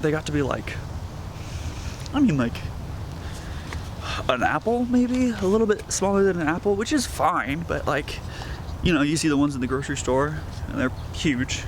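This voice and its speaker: A man's voice: fairly high pitch, noisy background. A young man vlogging casually in a rambling, anxious way, with lots of fillers. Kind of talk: casual vlog.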